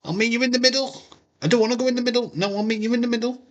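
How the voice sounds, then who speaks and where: A man putting on a high, squeaky voice for a male wrestler who keeps insisting they meet in the middle. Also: fairly even intonation, very fast, highs cut off. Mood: pleading.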